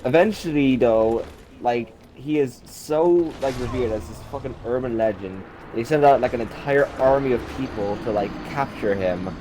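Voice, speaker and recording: A man recounts game lore in a loose, irreverent way, full of jokes, fillers and swearing. His voice sits at an ordinary middle pitch. A faint background hiss runs under the recording. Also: moderate pace, mellow, poor audio. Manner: irreverent, jokey, swears often, many fillers. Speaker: lore video narrator. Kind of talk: casual storytelling.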